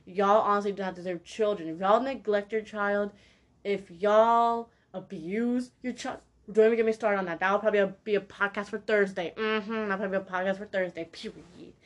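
A woman's voice: medium pitch, fairly bright tone. A young woman hosting a solo podcast, ranting bluntly and heatedly in a slangy way, repeating her points for emphasis. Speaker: podcast host. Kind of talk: opinionated solo podcast rant.

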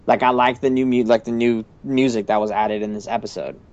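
A man's voice: mid-range voice, steady tone, brisk, darkish tone, lo-fi sound. A man co-hosting a podcast in casual chat, rambling with many fillers and restarts. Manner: rambling, lots of likes and restarts. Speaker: podcast co-host.

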